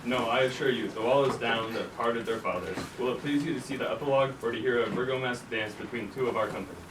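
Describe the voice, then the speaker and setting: A man playing Bottom, a blustering amateur actor, declaiming in a hurried, earnest way. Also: mid-range voice, close to an everyday voice. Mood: eager. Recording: echoey room, distant mic, noisy.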